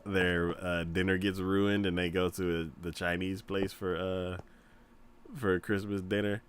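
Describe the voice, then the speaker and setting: A man's voice: low-pitched, measured pace, clear, resonant tone. A man hosting a gaming stream, chatting casually and laughing often as he retells stories. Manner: laughs often, retells scenes in animated voices. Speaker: gaming channel host. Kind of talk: casual chat while gaming.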